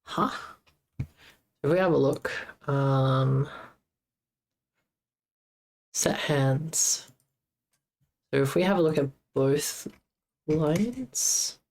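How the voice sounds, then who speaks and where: A woman streaming as she debugs her game, muttering to herself in a halting, casual way. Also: very deep voice, a little mellow. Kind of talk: casual live-stream coding commentary.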